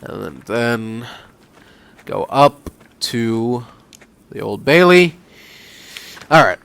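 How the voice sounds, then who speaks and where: Slow, easygoing male game streamer. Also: medium pitch, vocal fry, smooth. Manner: relaxed, rambling with fillers and restarts. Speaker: let's play host. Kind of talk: casual gameplay commentary.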